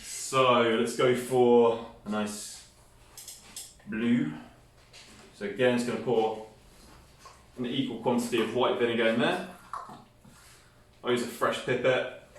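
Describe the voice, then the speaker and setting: A man's voice: medium pitch, steady tone, slow pace, long pauses, slight background noise. A man presenting a hands-on science experiment, explaining each step with enthusiasm. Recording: echoey room, mic at a distance.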